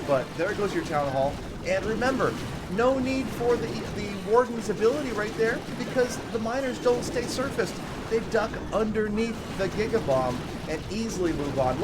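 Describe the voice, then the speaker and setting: A man giving excitable live commentary on strategy game battles and chatting with viewers by name. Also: high voice, heavy background noise. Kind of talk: live gameplay commentary, reading chat.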